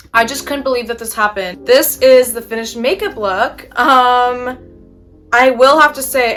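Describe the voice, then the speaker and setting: Young woman vlogging, bright slightly high voice, chatty and fed up, faint music behind. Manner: chatty, exasperated storytelling with casual swearing. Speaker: beauty vlogger. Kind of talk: casual storytime chat while doing makeup.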